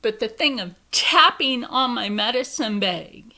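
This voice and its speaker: Woman, young adult, Philadelphia accent, slow, bright, profane angry vlog rant. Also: on the high side, animated. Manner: profane, indignant, emphatic. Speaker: vlogger.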